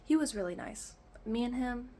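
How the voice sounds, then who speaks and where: A woman's voice: fairly high pitch, animated, moderate pace, warm tone, slight background noise. A young woman ranting in a casual storytime vlog, exasperated, swearing often and saying "like" a lot, in an echoey indoor room. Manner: exasperated, swearing, lots of filler "like". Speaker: vlogger.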